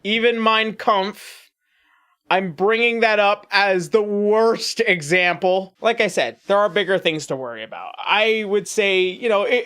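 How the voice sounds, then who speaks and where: A man delivers a comedic commentary rant. He swears constantly and is sarcastic, often restarting his sentences mid-thought. His pitch is mid-range and unremarkable. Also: pushed and bright, clean tone. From United States. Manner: crude, profane, sarcastic, halting restarts. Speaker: YouTube commentator.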